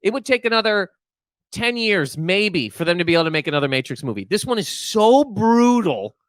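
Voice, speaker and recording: A man with a high-pitched voice chatting on a podcast, excitable and rambling, stumbling over his words and swearing freely. The sound is dry and close. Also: fairly quick, no echo. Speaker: podcast co-host. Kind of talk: casual chat.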